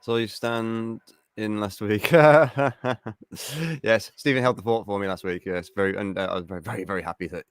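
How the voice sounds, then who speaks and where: A man's voice: fairly low pitch, normal speed, clear, resonant tone, no room sound. A man from the West Midlands with a West Midlands English accent, hosting a casual live-stream chat and saying mate a lot. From England, West Midlands. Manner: chatty, says mate a lot. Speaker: show host.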